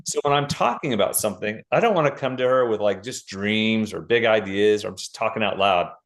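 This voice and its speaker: Middle-aged man, energetic guest explaining a framework, casual interview talk. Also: on the low side, brisk. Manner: energetic, explains with lists and examples. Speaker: guest author.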